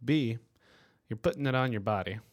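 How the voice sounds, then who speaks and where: A man's voice: mid-range voice, moderate pace, dry recording, studio quality. A man co-hosting a podcast in a casual chat, earnestly laying out his points one by one and stumbling on a word now and then. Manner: earnest, explains points in lists, some stammering. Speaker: podcast co-host.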